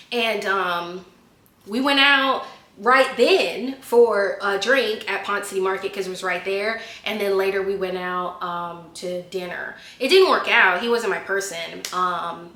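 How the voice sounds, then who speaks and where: Bright-voiced woman telling a story. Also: mid-range voice, echoey room. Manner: animated storyteller, laughs at herself. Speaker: vlogger answering viewer questions. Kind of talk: casual chat.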